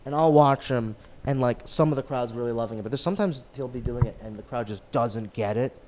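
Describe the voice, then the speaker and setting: A young man, a guest comedian, talking casually on a podcast and rambling through fillers and restarts into animated stories. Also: mid-range voice, a little fast, a little hiss or hum. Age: young adult. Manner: animated storyteller who sings impressions.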